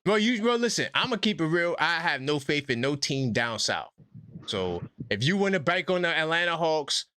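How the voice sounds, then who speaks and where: A man's voice: high voice, sharp tone, no echo. A man hosting a live sports call-in show, trash-talking and laughing with callers in casual street slang.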